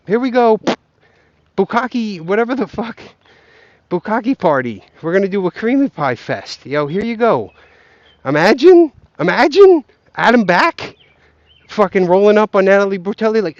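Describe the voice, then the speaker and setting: A man's voice: high voice, sing-song, moderate pace, no echo, dull audio. A man ranting and joking while walking outdoors, profane and rambling, talking straight to his viewers. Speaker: vlogger. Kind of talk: rambling comic rant. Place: outdoors, walking along a path.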